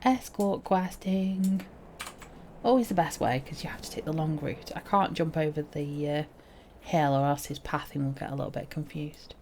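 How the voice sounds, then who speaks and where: A woman's voice: low-pitched, a little fast, dark tone, slight background noise. A woman giving casual, playful commentary while streaming a game. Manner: chatty, playful asides.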